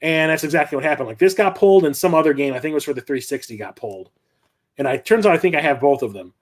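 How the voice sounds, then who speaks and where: A man's voice: a little high, lively intonation, quick pace. A middle-aged man hosting a livestream, telling stories in a loose, rambling, conversational way. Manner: rambling, conversational storytelling with frequent restarts. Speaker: host. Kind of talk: casual livestream chat.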